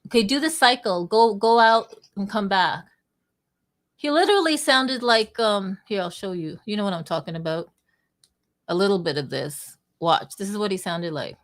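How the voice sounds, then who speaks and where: Casting: playful, talkative woman host of a live audio space, average pitch. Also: expressive, moderate pace, fairly bright tone. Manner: bubbly, chatty, playful. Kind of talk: casual online audio chat.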